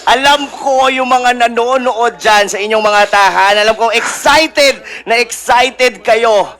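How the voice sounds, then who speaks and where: A Filipino co-caster gives exclaiming color commentary on an esports match. His voice is very high and bright. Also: unhurried. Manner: exclaiming, emotional.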